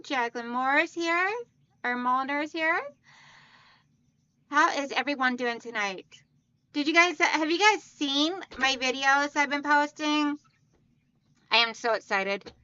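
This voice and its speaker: A high, bright-voiced woman hosts a casual livestream from home, greeting viewers by name and calling them hon. Her voice is recorded dry and close, a little dull in the top end. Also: no room sound. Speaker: quilting livestream host.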